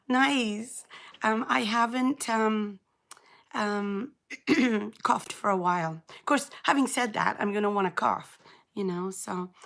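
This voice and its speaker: A middle-aged woman from England, hoarse and croaky after an illness, chatting casually and rambling as she hosts a live knitting stream and greets viewers by name. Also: fairly high pitch, a bit bright. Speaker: knitting channel host.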